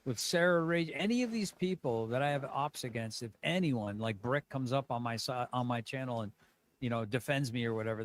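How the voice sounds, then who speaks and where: A man's voice: mid-range voice, animated, brisk. A man hosting a live stream with callers, talking in a rambling, hesitant way and feeling sorry for himself. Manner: rambling, self-pitying, hesitant fillers. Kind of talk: casual live-stream chat.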